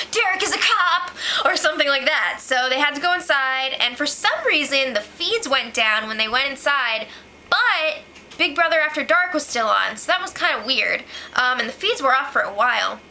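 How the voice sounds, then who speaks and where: Bright, high-voiced chatty young woman. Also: gravelly, slight background noise, poor audio. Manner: chatty and sarcastic, lots of "like". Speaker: host recapping a reality show. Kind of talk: casual spoken recap.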